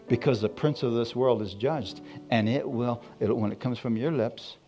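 A man preaching a sermon as a pastor, telling stories and acting out quotes, then rising to loud exclamations. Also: mid-range voice, measured pace, soft background music. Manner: storytelling, acts out quotes, rises to loud exclamations.

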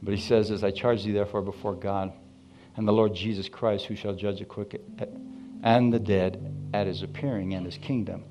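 A man preaching a sermon, telling his story with lively acted-out dialogue. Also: lowish voice, normal speed, muffled recording, soft background music. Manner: animated storytelling, acting out dialogue. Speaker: pastor.

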